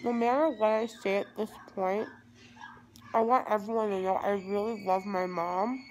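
A woman's voice: medium pitch, steady tone, normal speed, a little hiss or hum, rough recording. A teenage girl rambling groggily into her phone at home after surgery. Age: teens. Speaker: vlogger. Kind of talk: rambling selfie vlog. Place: home, indoors. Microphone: phone at arm's length.

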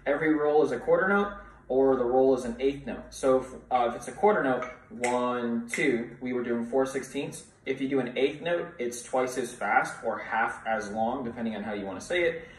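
A man's voice: mid-range voice, normal speed, distant mic, slight background noise. Man counting drum rhythms in a roomy space. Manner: counts rhythms aloud and chants along; encouraging, coaching students to play along. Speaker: music teacher. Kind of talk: snare drum tutorial. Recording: roomy echo, voice from off the mic.

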